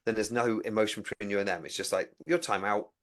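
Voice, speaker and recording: A man's voice: lowish voice, fast talker. A man chatting casually about training agility dogs, acting out what he says to them as he tells it. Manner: animated storytelling, acts out what he says to his dogs. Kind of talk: casual chat.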